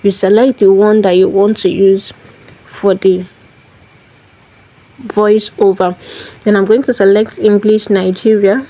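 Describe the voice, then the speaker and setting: A woman's voice: medium pitch, little pitch movement, a little slow, long pauses, dark tone, low-quality recording. A woman hosting a screen tutorial, walking through each step methodically and repeating key phrases as she goes. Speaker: tutorial host.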